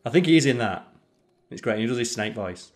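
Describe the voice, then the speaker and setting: A man's voice: medium pitch, animated, brisk, faint music behind. A man co-hosting a let's play, chatting casually and opinionatedly while gaming, with the odd swear.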